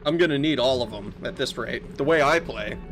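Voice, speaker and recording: A man's voice: medium pitch, a little fast. A man streaming a video game, chatting casually and joking with his viewers, laughing often. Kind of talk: casual gameplay commentary. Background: game music.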